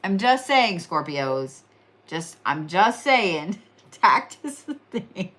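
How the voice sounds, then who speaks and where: A woman's voice: on the low side, sing-song, takes it slowly, fairly bright tone. Tired young woman w oklahoma accent reading horoscopes, chatty, teasing, says stuff twice. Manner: chatty and teasing, repeats phrases for emphasis. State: tired, yawning. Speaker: astrology and reiki livestream host.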